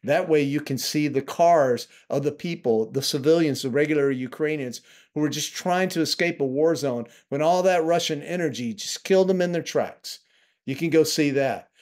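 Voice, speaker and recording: A man's voice: on the high side, normal speed, a little mellow. Sarcastic man vlogging from home office. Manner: sarcastic, indignant. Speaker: travel vlogger. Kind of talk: casual to-camera commentary.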